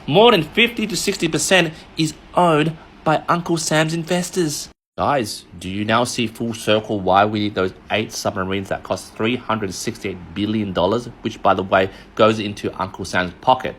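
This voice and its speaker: A man's voice: fairly low pitch, steady tone, moderate pace, hardly any pauses, fairly bright tone, slight background noise. An Australian man, a mortgage broker, ranting sarcastically in a commentary vlog with emphatic rhetorical questions.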